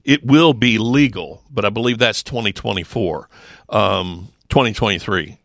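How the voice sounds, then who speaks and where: Middle-aged guy in a studio chat, bright voice, dry close mic, keeps firing rhetorical questions. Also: fairly low pitch, moderate pace, no room sound. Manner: emphatic, with rhetorical questions and frequent restarts. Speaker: sheriff's office lieutenant, regular guest. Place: radio studio.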